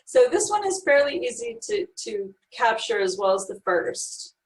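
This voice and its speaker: A woman's voice: high voice, sing-song, moderate pace, distant mic, poor audio. A woman guiding listeners through a healing meditation, coaching them step by step in a soothing way. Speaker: energy healing guide.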